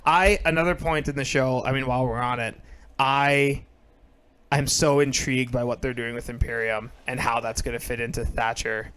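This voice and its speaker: A man's voice: medium pitch, fairly even intonation, moderate pace, a bit bright, smooth. A man co-hosting a casual podcast, rambling and restarting his sentences as he chats. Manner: rambling, lots of fillers and restarts, laughs easily. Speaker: podcast co-host. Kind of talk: casual chat.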